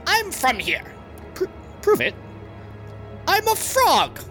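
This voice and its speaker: A man's voice: extremely high pitch, huge pitch swings, slow, bright, forceful tone, faint music behind, pitched above the performer's own voice, heavily acted. A man voicing a pompous bipedal frog guard in conquistador armor, blustering and easily flustered. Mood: indignant.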